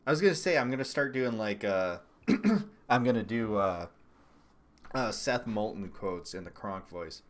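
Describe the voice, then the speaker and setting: A young man riffing through casual livestream political commentary in a lowish voice. He is sarcastic and swears freely, breaking into laughter between his remarks. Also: animated, a little slow, a little hiss or hum. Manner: profane, sarcastic, laughs often.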